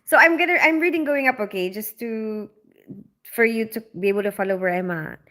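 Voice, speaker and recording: Young adult woman raised in the Philippines; chatty livestream host, bright and a bit high. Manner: chatty, quick, laughs often, many fillers. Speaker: livestream host, operating room nurse. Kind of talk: casual livestream chat, reading comments.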